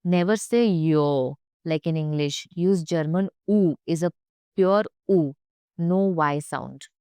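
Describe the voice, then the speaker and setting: A woman's voice: sits low, slow pace, a little mellow, smooth, no echo. A young woman teaching German pronunciation, speaking carefully and repeating each sound for learners. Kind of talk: pronunciation lesson.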